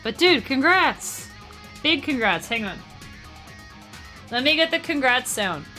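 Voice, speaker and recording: A woman's voice: high voice, very animated, over loud music. A young woman streaming a game live, chatting casually with her viewers and laughing easily. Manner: chatty, talks to chat, quick laughs. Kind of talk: casual live-stream chat while gaming.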